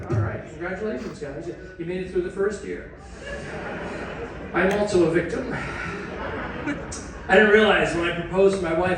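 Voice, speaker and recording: A male stand-up comedian jokes at his own expense and chats with the crowd, his voice slightly high for a man. He is heard from a distance in a very echoey ship's theater, with clear audience noise behind him. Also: lively intonation, a little fast. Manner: self-deprecating, chatty with the crowd. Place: cruise ship theater.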